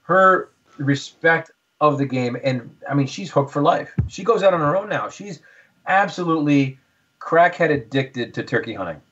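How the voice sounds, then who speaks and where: A man's voice: on the high side, animated, moderate pace, fairly bright tone. A middle-aged man, a guest on a hunting podcast, telling stories with enthusiasm and many restarts. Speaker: guest, hunter. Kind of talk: casual storytelling. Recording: dull lo-fi sound.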